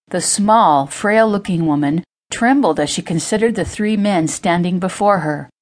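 A woman reading her own historical romance novel as narrator. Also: low voice. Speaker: audiobook narrator and author. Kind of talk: scripted narration.

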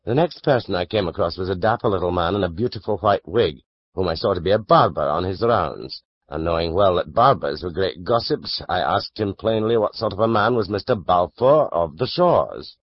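A man narrating a classic novel as an audiobook, measured and expressive. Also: low voice, breathy edge, dry recording, highs cut off.

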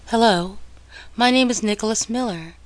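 A woman voicing a charming, wealthy gentleman who speaks in a polite, courtly way. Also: on the high side, moderate pace, no echo, lightly acted.

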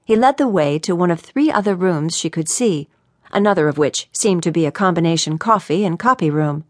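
A woman narrating a mystery audiobook in an expressive, animated way. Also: lowish voice, dry recording, clean studio sound.

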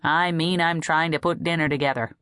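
A woman's voice: sits low, fairly even intonation, fairly quick, fairly bright tone, no room sound, clean studio sound. A woman narrator voicing a weary, wry middle-aged wife who is a little cross.

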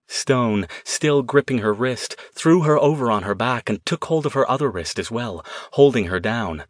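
A man narrating an audiobook in a tense, measured storytelling manner. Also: mid-range voice, lively intonation, no room sound, clean studio sound. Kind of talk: scripted narration.

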